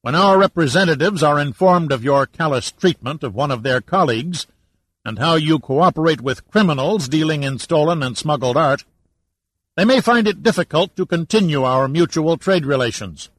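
A man's voice: a little high, lively intonation, normal speed, fairly bright tone, pitched above the performer's own voice. A man voicing a commanding navy admiral in an audiobook, speaking firmly and formally. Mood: stern. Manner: firm and formal, pressing.

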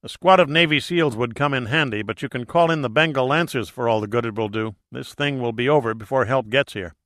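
Man reading a cool tough male diver, clipped and wry, bright dry voice, audiobook. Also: mid-range voice, brisk, no echo, natural voice. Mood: steady.

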